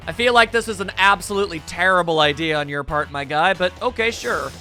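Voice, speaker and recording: A man's voice: high voice, brisk, few pauses, sharp tone, soft background music. A man giving joking, wry commentary while playing a video game. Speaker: gaming channel host. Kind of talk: let's play commentary.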